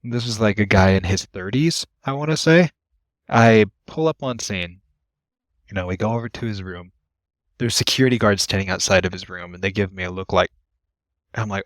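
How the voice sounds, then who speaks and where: A man's voice: fairly low pitch, moderate pace, no echo. A young man, an ambulance worker, telling work stories in a casual podcast chat, laughing often and acting out the people he quotes. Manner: animated storyteller, laughs often, acts out quotes. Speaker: guest, ambulance AEMT.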